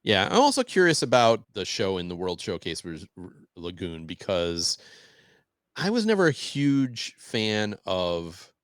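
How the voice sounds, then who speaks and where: A middle-aged man co-hosting a podcast, talking in a relaxed, rambling way with small chuckles. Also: lowish voice, measured pace, no echo, studio quality. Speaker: podcast co-host. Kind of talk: casual chat.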